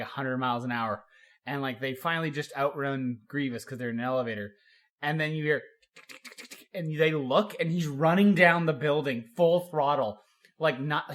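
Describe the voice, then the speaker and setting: A man's voice: medium pitch, fairly bright tone. A young man co-hosting a podcast, telling stories in casual chat with lots of filler words and bursts of laughter. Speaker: podcast co-host.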